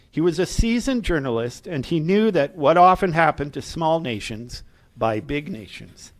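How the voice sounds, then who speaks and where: A middle-aged man giving a prepared speech to a live audience, earnest, with asides and light humor to the room. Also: fairly high pitch. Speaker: speaker at a political gathering.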